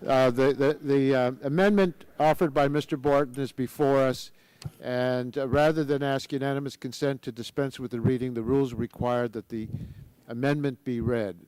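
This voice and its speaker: A man chairing a formal committee session, speaking haltingly with restarts and a good-humored tone. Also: mid-range voice, fairly even intonation, a little mellow, smooth, no echo, poor audio.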